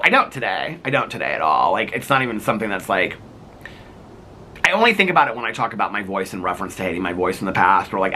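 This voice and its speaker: A middle-aged man chatting to his viewers in a bright, ringing voice that swoops up and down as he talks. He rambles along, leaning on "like" and "you know," and chuckles at his own stories. A faint hum of noise sits behind him. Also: on the low side. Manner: animated storyteller who laughs at himself. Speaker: vlogger. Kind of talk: casual chat to camera.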